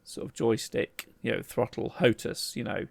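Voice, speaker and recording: A man's voice: mid-range voice, fairly even intonation, moderate pace, creaky. A man, co-hosting a casual chat podcast and rambling through stories with laughs. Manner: rambling, laughing, acts out quoted voices. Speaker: podcast co-host.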